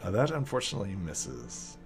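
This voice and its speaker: A man's voice: deep voice, wildly swooping pitch, brisk, slightly rough, soft background music. A man running a tabletop game as game master, narrating casually with lots of fillers and laughter.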